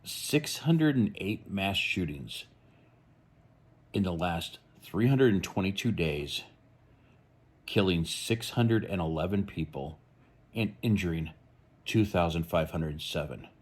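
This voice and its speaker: A man's voice: low-pitched, lively intonation, takes it slowly, long pauses, husky. A man hosting a true crime channel, giving blunt, rambling, opinionated commentary.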